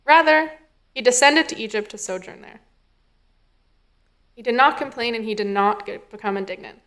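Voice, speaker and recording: A woman's voice: a little high, normal speed, a bit bright. Woman giving a conversational sermon. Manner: conversational, thinking aloud with fillers and quoted dialogue. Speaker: rabbinic intern. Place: synagogue sanctuary.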